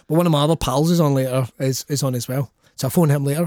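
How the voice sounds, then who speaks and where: A man's voice: on the high side, fast, no echo, studio quality. A Scottish man, a comedian guest on a podcast, telling sweary stories and acting out the people in them. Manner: swearing, animated storyteller acting out quotes. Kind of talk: casual podcast chat.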